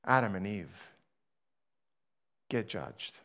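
A man preaching a sermon, slow and emphatic, swinging between loud rhetorical questions and hushed, low passages. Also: very animated. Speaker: pastor.

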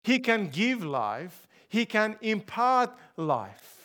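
A man with a high voice delivers a sermon at an unhurried pace. He leans on key phrases and puts questions to the congregation, leaving room for each point to land. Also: very animated, a bit bright. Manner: emphatic, asks the congregation rhetorical questions. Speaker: preacher.

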